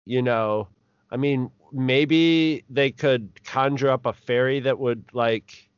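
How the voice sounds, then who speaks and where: A man's voice: medium pitch, steady tone, takes it slowly, clean tone, no room sound. A man co-hosting a podcast, chatting casually and rambling with laughs as he reviews a film. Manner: rambling, laughs while talking. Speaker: podcast co-host. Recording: dull lo-fi podcast audio.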